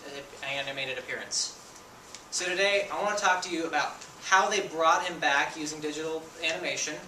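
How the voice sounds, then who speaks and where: A young man delivers a persuasive speech with a bright, forceful voice that sits a little high for a man. He is recorded from across an echoey room, with a faint hiss underneath. He draws the audience in with questions as he speaks. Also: distant mic. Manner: engaging, asks the audience questions. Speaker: student speaker.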